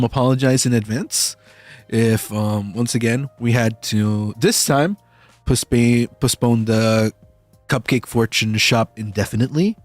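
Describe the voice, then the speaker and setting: A young man streams as a dinosaur-boy persona, talking to his viewers in an unhurried, affectionate ramble. He often breaks into high excited shouts. His voice sounds dry and close, with faint music playing underneath. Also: dry recording. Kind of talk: casual chat to stream viewers.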